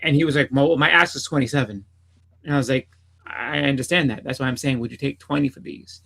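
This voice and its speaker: Man, quick talker, bright edgy tone, rambling casual storytelling, lots of swearing. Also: medium pitch, steady tone, vocal fry, slight background noise, low-quality recording. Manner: rambling, repeats "I was like", swears freely. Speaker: podcast co-host.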